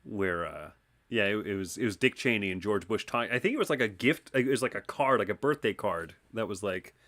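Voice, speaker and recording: Male co-host, casual chat, lively swinging pitch, stammers. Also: fairly quick. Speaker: podcast co-host. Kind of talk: casual chat, telling jokes.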